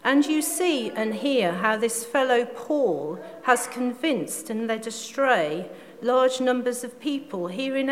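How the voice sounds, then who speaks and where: A woman reading aloud the words of a male silversmith stirring up fellow craftsmen, in a voice close to her own. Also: fairly high pitch. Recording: long reverb, faint background noise.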